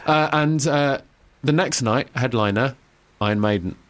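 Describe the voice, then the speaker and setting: A man co-hosting a rock radio show, all eager banter and playful ribbing. His voice sits in a middle pitch, and he talks with a fan's excitement. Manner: enthusiastic, teasing, quick banter.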